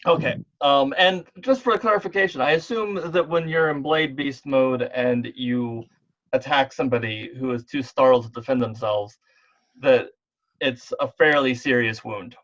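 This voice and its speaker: A man's voice: mid-range voice, normal speed, a bit bright, dull audio. A man running an online tabletop game as game master, talking in a rambling way full of fillers and restarts. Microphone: online voice call.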